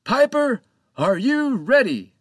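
A man voicing a cheerful, loud pirate captain who shouts his lines, in a storybook reading. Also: very high-pitched, very animated, takes it slowly, no echo, clean studio sound, pitched above the performer's own voice, full character voice. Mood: booming jolly. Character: jolly booming male pirate captain.

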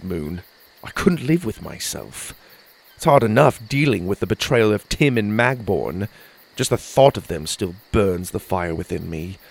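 A man reading a first-person fairy-tale story in an earnest, expressive way. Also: on the low side, vocal fry, husky, rough recording. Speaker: storyteller and podcast host.

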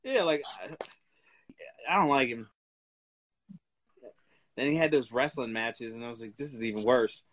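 A man's voice: medium pitch, normal speed, long pauses. A man co-hosting a wrestling podcast in casual chat, swearing freely and laughing through his stories. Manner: profane, laughing, animated storyteller. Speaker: podcast co-host.

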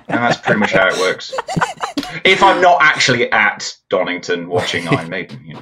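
A man's voice: fairly low pitch, big pitch swings, brisk, background noise. A young English man chatting casually as a podcast guest, laughing often and stumbling over restarts. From England.

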